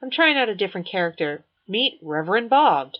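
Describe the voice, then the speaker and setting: A woman reading an audiobook voices a cool teenage boy, the narrator's best friend, quick and lively, on a dull lo-fi recording. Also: mid-range voice. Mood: upbeat.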